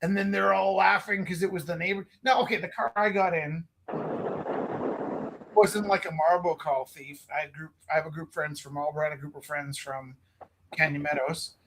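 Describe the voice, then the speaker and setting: A man from Canada telling a story in casual chat, animated, acting out the quotes loudly. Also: a little high, brisk, slight background noise. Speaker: host.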